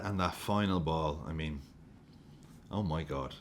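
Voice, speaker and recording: A man reviewing a football match, excitable and sweary, often breaking into laughter as he gushes. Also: rumbling low, unhurried, a little hiss or hum. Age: adult with a young daughter. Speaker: football fan vlogger.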